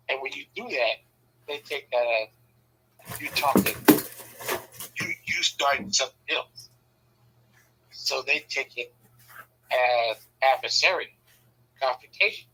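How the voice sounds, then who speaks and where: A man from Southern California telling personal stories in a casual, animated way, swearing freely and acting out the voices he quotes. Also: fairly high pitch, moderate pace, long pauses, slight background noise, low-quality recording. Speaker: speaker sharing personal stories. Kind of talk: casual storytelling.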